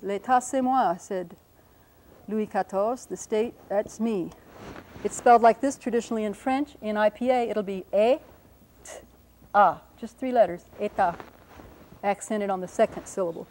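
A woman with a mellow, relaxed voice explains phonetic symbols as a linguist. She speaks carefully and slows down to demonstrate each pronunciation syllable by syllable. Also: medium pitch, a little hiss or hum, rough recording. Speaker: linguist giving a talk.

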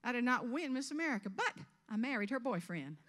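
A woman in her fifties from South Carolina with a Southern US accent, giving a humorous keynote speech on stage with animated storytelling. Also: fairly high pitch, fairly quick, in a large hall. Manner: animated storytelling with character voices. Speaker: motivational speaker. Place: event stage before an audience.

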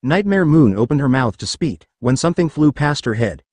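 Animated man narrating a story. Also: mid-range voice, fairly quick, no room sound. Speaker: story reader. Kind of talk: scripted narration of a fan story.

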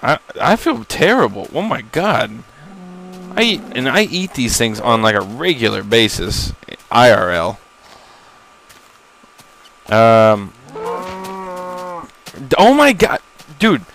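A man's voice: medium pitch, sing-song, slow pace, long pauses, fairly bright tone, a little hiss or hum, poor audio. A young man giving casual, rambling commentary on a game he is playing for the first time, self-deprecating and easily startled, swearing when surprised. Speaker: gamer recording a first-time playthrough. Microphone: laptop setup.

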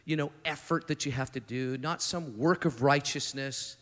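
A man's voice: medium pitch, moderate pace. A man preaching a sermon at a conference, talking in a conversational way with many restarts and acting out the people in the story. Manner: animated, acts out the speakers in the story. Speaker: conference speaker. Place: conference hall. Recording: long hall reverb.

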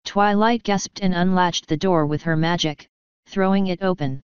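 A woman narrating a fanfiction story in a steady, unhurried way. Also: on the low side, clear, resonant tone, no echo. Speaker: fanfiction reader. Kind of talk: audiobook narration. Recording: dull lo-fi dry recording.

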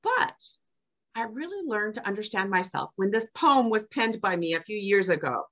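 An older woman giving a prepared club speech, reciting her own poems and acting out the quoted lines. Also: normal speed. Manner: expressive, acts out quoted lines with big pitch jumps. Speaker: club speaker.

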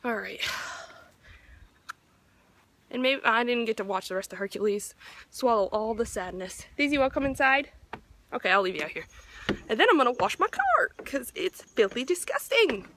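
A woman's voice: fairly high pitch, big pitch swings, fairly quick, fairly bright tone, slight background noise. A young woman vlogging casually about her day, talking in a chatty way with lots of filler words. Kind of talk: casual vlog chat.

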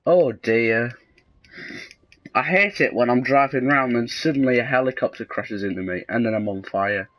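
A young man with a sarcastic, deadpan manner, casually commentating a video game and breaking into sudden excited yelps. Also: medium pitch, normal speed, rough recording. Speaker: gaming video host.

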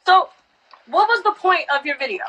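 A woman's voice: very high voice, expressive, moderate pace, pushed and bright, slight background noise, poor audio. A woman from Texas in a heated live-stream argument, confrontational, profane and insistent.

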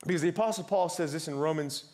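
Man preaching with a mid-high voice. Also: quick pace. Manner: conversational preaching with repeated words and shifting loudness. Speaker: pastor. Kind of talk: sermon. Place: church.

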